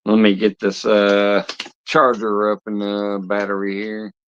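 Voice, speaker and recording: A man's voice: on the low side, little pitch movement, unhurried, slight background noise. Blunt, cussing man on a dull lo-fi stream. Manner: blunt, heavily profane, heated scolding. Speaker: livestream host of a fishing channel. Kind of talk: live stream chat, ranting to viewers.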